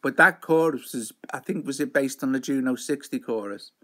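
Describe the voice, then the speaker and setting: Guy rambling on his home live stream, chatty, says hi to viewers, middle pitch voice. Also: normal speed, bright, forceful tone. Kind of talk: casual live stream chat.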